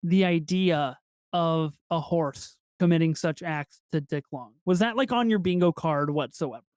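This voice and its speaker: A man co-hosting a podcast in casual film review chat, excitable and swearing freely as he acts out movie lines. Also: fairly high pitch, a little slow, clear, resonant tone, no room sound, studio quality. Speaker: podcast co-host.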